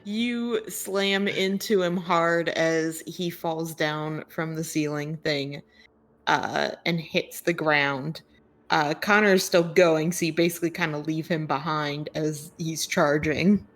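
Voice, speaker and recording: A woman narrating as game master of a tabletop game, relaxed, with lots of fillers and laughter between lines. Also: low-pitched, takes it slowly.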